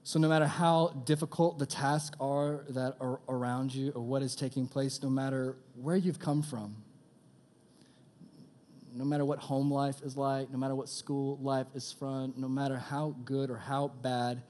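A young man preaching a sermon in a casual, energetic style, calling out to his audience. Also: medium pitch. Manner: energetic, conversational preaching with audience call-outs. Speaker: youth pastor.

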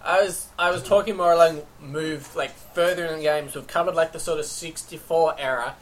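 Brash, teasing woman with a lowish voice. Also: brisk. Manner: brash, swears a lot, teasing. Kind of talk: casual chat about video games.

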